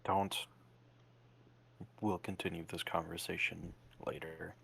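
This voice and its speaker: A man voicing a calm, secretive male ally who speaks in terse, measured words. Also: deep voice, creaky, husky, full character voice. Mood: guarded.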